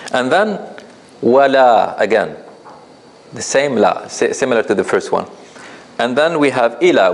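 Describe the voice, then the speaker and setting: Guy teaching a recitation class, patient, asks the class stuff, drags out examples slowly. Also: medium pitch, low-quality recording. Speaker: tajweed teacher. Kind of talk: live class explanation.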